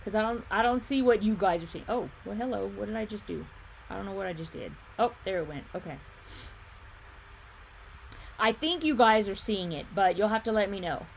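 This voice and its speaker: The host of a casual livestream, who also owns a quilt shop, talks through viewer comments as she thinks aloud, laughing easily and humming while she works her screen. Her medium-pitched voice has lively intonation and vocal fry, her pace is a little fast, and there's slight background noise.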